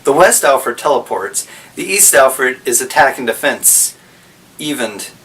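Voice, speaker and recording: A man's voice: medium pitch, expressive, measured pace, a bit bright. Rambling male storyteller, distant mic. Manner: rambling, self-correcting. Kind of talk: casual story recap.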